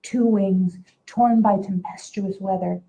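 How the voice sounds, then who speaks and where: A woman poet from Puerto Rico recites her verse at a public reading. She speaks in a measured, rhythmic way and lets each line land. Her voice sits at an ordinary middle pitch for a woman. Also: fairly even intonation, warm tone, a little hiss or hum, rough recording. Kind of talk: poetry reading.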